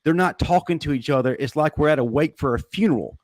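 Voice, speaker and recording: A man hosting a sports talk podcast, probing his guests with quick questions. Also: fairly high pitch, no echo. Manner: probing, asks rapid questions. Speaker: show host.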